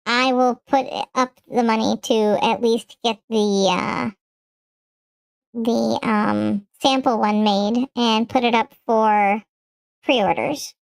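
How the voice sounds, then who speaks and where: A talkative woman streamer with a Michigan accent chats away to her viewers in a loose, rambling way. Her voice sits high and bright. It is recorded close and dry, with no room around it. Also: steady tone, slow pace, gravelly, smooth, no room sound. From Michigan, USA. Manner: chatty, rambling, answers chat aloud. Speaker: game streamer host. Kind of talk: casual live-stream chat.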